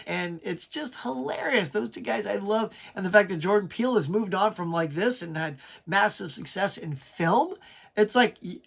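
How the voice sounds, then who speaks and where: Middle-aged guy hosting his own channel, excited and rambling, casual review talk. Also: high voice, normal speed, vocal fry. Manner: chatty, enthusiastic, frequent restarts and fillers. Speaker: pop culture channel host.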